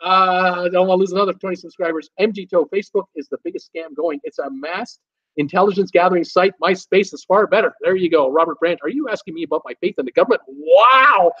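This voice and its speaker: A man's voice: high-pitched, fast talker, a bit bright. A man hosting a live stream, reading viewer chat aloud and answering in a chatty, rambling way, often laughing. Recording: dull lo-fi sound.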